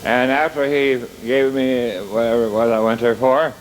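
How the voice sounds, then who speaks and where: A man's voice: mid-range voice, fairly even intonation, rough recording. A man telling comic stories on stage, stumbling and restarting his words as he goes. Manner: halting, stammering restarts. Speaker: comedian. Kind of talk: stand-up storytelling.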